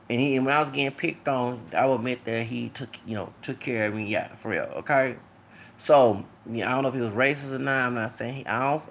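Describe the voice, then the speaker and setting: A man's voice: medium pitch, gravelly, fairly bright tone. A man, rambling in a casual vlog monologue and often asking "okay?". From Texas. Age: late 30s.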